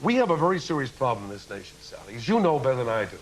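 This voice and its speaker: A man's voice: mid-range voice, very animated, rapid-fire, a little hiss or hum, poor audio. A man giving an impassioned, lecturing speech as a guest on a television talk show, full of rhetorical questions. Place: TV studio with audience.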